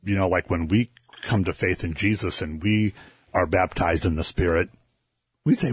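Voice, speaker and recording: A man chatting casually about scripture on a talk show, relaxed and chuckling as he tells stories. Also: sits low, normal speed, husky, no room sound, studio quality. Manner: conversational, chuckling, relaxed storytelling. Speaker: co-host discussing scripture. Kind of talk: casual Bible discussion.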